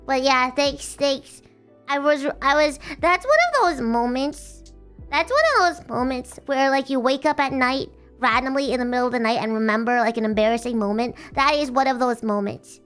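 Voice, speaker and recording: A woman's voice: high voice, normal speed, fairly bright tone, clear, resonant tone, soft background music. A woman streamer chatting casually in a rambling, bubbly way, teasing herself and restarting her sentences often. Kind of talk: casual livestream chat.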